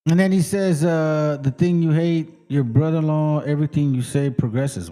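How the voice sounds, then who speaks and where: A man in his late forties giving a profane, animated commentary as a channel host, often quoting and mocking others. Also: a little high, moderate pace, few pauses, clear, resonant tone. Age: 40s. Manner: animated, swears a lot, mocks and quotes others. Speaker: channel host reacting to videos.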